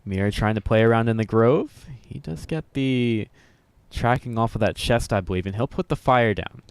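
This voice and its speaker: A man calls a video game match play-by-play with upbeat energy and a running thread of self-mocking jokes. His voice is smooth and resonant at an ordinary male pitch. The recording is dry and close. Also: normal speed, no echo. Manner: upbeat, jokey, self-deprecating, chuckles often. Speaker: esports commentator.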